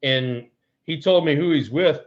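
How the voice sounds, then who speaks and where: Animated man telling ballpark stories. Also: on the high side, unhurried, muffled recording. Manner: animated storyteller, laughs often. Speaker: co-host, former ballplayer. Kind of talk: casual baseball chat.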